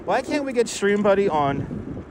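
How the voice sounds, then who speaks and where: A somewhat high-voiced man talks loosely and cheerfully as he cycles, calling out hellos to viewers by name. Wind and street traffic roar around his clip-on mic outdoors. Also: big pitch swings, measured pace. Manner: chatty, greets viewers by name, loose and upbeat. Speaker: live-streaming bike vlogger. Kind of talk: casual live-stream chat while cycling. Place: outdoors riding a bike through city streets. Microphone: wireless clip-on mic.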